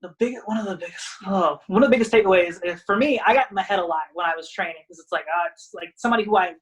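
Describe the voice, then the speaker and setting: A woman wrestler speaks very fast at a medium pitch as a podcast guest, in a rough recording. Her talk is casual and rambling, packed with "like," and she acts out other people's lines in animated voices.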